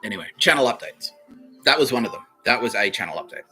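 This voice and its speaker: A man's voice: medium pitch, lively intonation, fast, sharp tone, soft background music, low-quality recording. A man with an Australian accent hosting a solo comedy podcast, rambling in a profane, boastful way and laughing at his own jokes. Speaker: podcast host.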